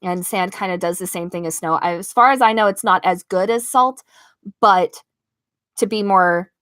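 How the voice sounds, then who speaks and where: A woman's voice: lowish voice, moderate pace, no echo. Young american woman livestreaming from her bedroom, telling a story, laughing a lot, plays out what everyone said, dry close mic. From United States (Las Vegas). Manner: lively, laughs often, acts out quoted lines. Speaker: live-stream host. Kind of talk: casual storytelling to a live chat. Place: home bedroom. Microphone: own microphone at desk.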